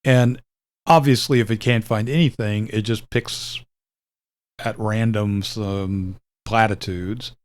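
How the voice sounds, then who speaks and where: Older guy w a lowish voice, chill rambly explainer demoing old software, lots of uhs. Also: takes it slowly, clean tone. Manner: relaxed, rambling, with fillers and self-corrections. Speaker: video host demonstrating retro software. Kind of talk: casual explanatory demo.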